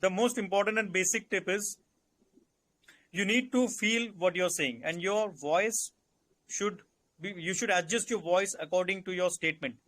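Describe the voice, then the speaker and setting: A man with an Indian English accent coaches candidates in a calm, instructive way and circles back to restate his points. His voice sits high and sounds bright and forward. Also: moderate pace. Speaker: interview coach. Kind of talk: advisory Q&A session.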